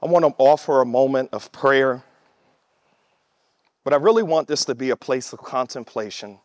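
A man preaching a sermon, emphatic, calling out to the congregation and shouting at the peaks. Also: mid-range voice, moderate pace, dry recording, clean studio sound. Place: church service with online audience.

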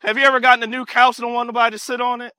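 A man preaching a sermon with animated call-and-response and bursts of shouting. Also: very high-pitched, very fast, smooth, dry recording, clean studio sound.

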